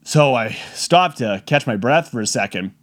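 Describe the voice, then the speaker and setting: Animated, lively-pitched male podcast storyteller. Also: moderate pace. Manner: animated, comic, acts out quotes. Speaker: podcast host. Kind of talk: casual storytelling.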